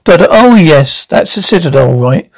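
A man voicing an eccentric, fussy older male time traveller who sounds flustered and jumps up in pitch. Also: lively intonation, normal speed, gravelly, dry recording, rough recording.

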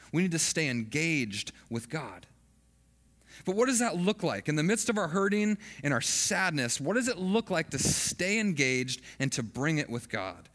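Man preaching with a lively voice in a reverberant hall. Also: a little high. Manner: earnest, conversational preaching with frequent restarts. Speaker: pastor. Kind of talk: sermon.

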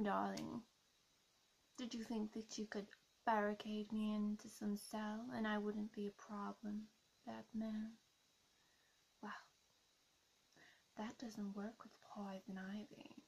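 A woman's voice: medium pitch, gravelly, a little hiss or hum, low-quality recording. A woman voicing a seductive, scheming female plant villain in a whispered role-play, teasing and blowing kisses. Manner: teasing, flirty, blowing kisses, slow hypnotic coaxing. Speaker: YouTube role-play creator.

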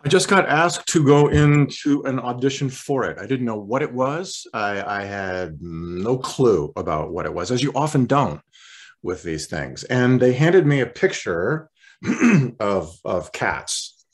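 A male voice actor chatting as an interview guest, relaxed and rambling, often clearing his throat. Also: mid-range voice, measured pace. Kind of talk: casual interview chat.

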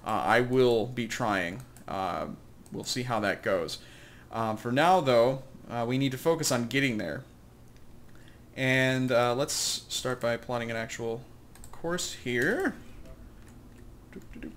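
A man talks through a video game at a mid pitch in a loose, meandering way, poking fun at his own choices and chuckling as he goes. Faint keyboard tapping sits quietly behind him. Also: slow pace, a little hiss or hum. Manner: rambling, self-deprecating, chuckling asides. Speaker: let's play host. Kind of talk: casual gameplay commentary.

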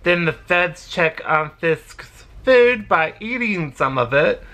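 A woman's voice: on the low side, expressive, takes it slowly, a bit bright. A woman hosting her own reaction channel, recapping a TV episode in a casual, rambling way with frequent ums and short laughs. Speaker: reaction video host.

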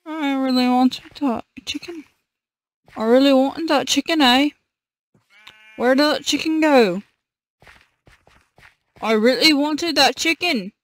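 A woman's voice: sits high, slow, pauses often, no echo. A woman casually commenting on her own gameplay, muttering to herself in a playful, silly way. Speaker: gaming channel host.

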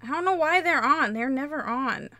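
Excitable woman let's-play host, high, bright and very lively, chatty commentary over faint game music. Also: normal speed, dry recording. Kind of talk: casual gameplay commentary. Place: home, in daytime.

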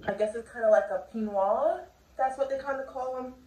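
Her voice is a little high, a little fast and a little mellow, carrying a slight hiss or hum. The young fashion vlogger chats bubbly and casually through a clothing haul at home, full of filler words. Audio is echoey, picked up by a distant mic.

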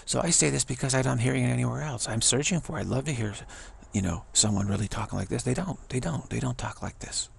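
A man's voice: mid-range voice, quick pace, vocal fry, breathy edge. A man giving a casual spiritual teaching talk, musing and earnest, repeating phrases for emphasis.

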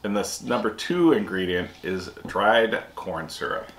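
A man's voice: on the low side, lively intonation, measured pace, faint music behind. A man co-hosting a casual snack review, easygoing with dry remarks. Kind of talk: casual food review chat. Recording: echoey room with faint hiss.

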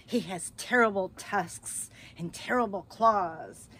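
A woman's voice: medium pitch, takes it slowly, fairly bright tone, a little hiss or hum. A woman voicing a clever, polite little male mouse in a sing-song rhyming storybook manner. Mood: sly, teasing.

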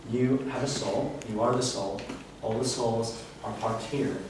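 Steady and unhurried, a man with a mid-range voice offers a live spiritual talk in an event room, teaching in an earnest, reflective way. Faint hiss and echo come through from the distant microphone.

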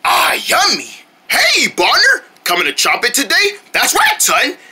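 Breathy woman doing lively cartoon ad voices. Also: high-pitched, a little slow. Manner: playful, jumping between put-on character voices and shouted cries. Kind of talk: homemade parody cartoon ads, doing all the voices.

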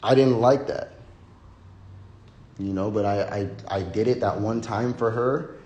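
A man's voice: fairly low pitch, unhurried, mellow. A man hosting a casual livestream and talking bluntly and profanely, rambling with frequent restarts. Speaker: livestream host. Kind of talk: casual unscripted livestream rant. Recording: roomy echo.

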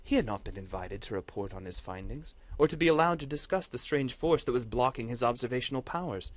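A man, a course instructor, reading a fantasy story aloud in a measured, dramatic way. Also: mid-range voice, expressive, no room sound.

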